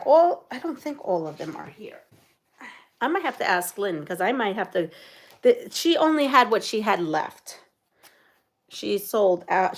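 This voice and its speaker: A woman hosting a quilting channel, chatting casually and rambling as she shows off items, laughing often. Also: lowish voice. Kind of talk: casual show-and-tell chat. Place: home sewing room.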